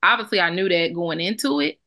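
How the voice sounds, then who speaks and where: A woman's voice: lowish voice, fairly quick, bright, forceful tone. A young adult woman co-hosting a podcast, talking bluntly and emphatically with plenty of profanity. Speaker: podcast co-host. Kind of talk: casual podcast chat.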